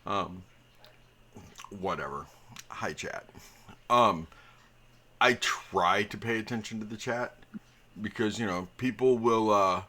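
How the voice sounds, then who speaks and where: A man's voice: on the low side, slow pace, pauses often, sharp tone. A man hosting a live tabletop game stream as dungeon master, chatting casually and rambling with many fillers.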